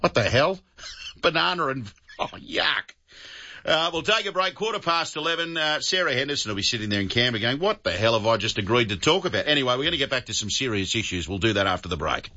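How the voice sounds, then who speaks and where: Bright-voiced Australian radio host. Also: male voice, mid-range voice, lively intonation, fast, muffled recording. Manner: jokey, laughs often. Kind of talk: talkback radio chat. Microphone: studio microphone.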